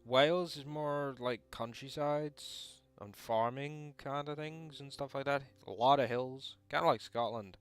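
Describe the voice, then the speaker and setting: A man's voice: medium pitch, a little slow, hardly any pauses, clear, resonant tone. A young man reading a visual novel aloud and rambling off into casual, mildly sweary asides. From England. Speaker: game streamer.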